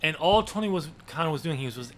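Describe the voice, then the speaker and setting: A man co-hosting a casual wrestling podcast. He talks a bit high and bright, with a forceful edge. He rambles, backing up and restarting his sentences with plenty of ums. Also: expressive, fast, a little hiss or hum. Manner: rambling, lots of fillers and restarts. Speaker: podcast co-host.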